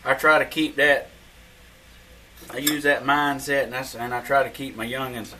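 A man's voice: medium pitch, level tone, moderate pace, pushed and bright, slight background noise, rough recording. A man with a Southern US accent, chatting folksy to the camera in a cooking vlog. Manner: folksy, drawling, talks to camera. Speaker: cooking vlogger. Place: outdoors.

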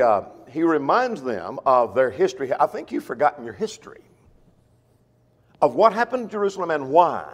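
A man teaching a verse-by-verse Bible class, reading scripture slowly and with emphasis, then explaining it in a conversational way. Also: fairly high pitch, in a large hall. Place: church.

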